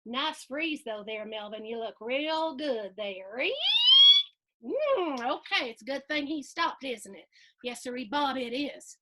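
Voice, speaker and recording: Storytime host: middle-aged woman, lilting high tone, takes her time, gasps and chats with young listeners. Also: unhurried, heavy background noise. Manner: animated, gasping, playful asides to young listeners. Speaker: storytime host reading to children. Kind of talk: reading a picture book aloud to kids.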